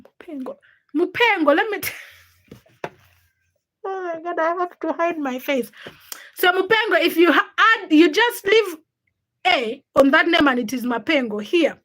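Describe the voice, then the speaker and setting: Young female livestreamer, high bright voice, chatty storyteller who laughs a lot and reads out viewer names. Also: animated, unhurried, pauses often. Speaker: livestream host. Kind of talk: casual livestream chat, greeting viewers and telling stories.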